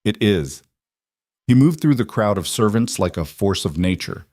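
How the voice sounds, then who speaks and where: A man narrating a romance story in a measured, dramatic way. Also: fairly low pitch, animated, a little mellow, no room sound, studio quality.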